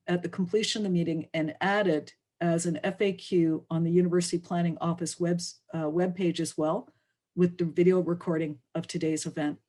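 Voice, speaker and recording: Measured woman hosting a webinar. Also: lowish voice, darkish tone. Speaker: webinar host. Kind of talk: prepared opening remarks.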